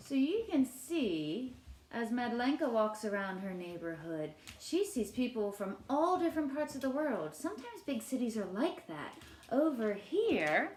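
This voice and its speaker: A woman teacher reading a picture book aloud to children, asking gentle questions and putting on playful voices for the characters. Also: a little high, reverberant, a little hiss or hum. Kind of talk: children's read-aloud lesson.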